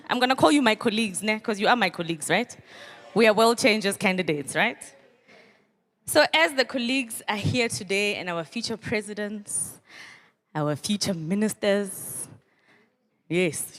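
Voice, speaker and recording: A woman's voice: mid-range voice, animated, measured pace, big-room sound. A middle-aged woman, a social development official giving a motivational speech to students and leading call-and-response chants. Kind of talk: motivational speech to a youth crowd.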